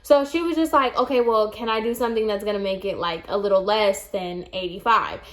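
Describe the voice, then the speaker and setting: A woman's voice: medium pitch, a little fast. A young woman in her twenties, a hairstylist, chatting casually and animatedly as she retells a client story with quoted dialogue.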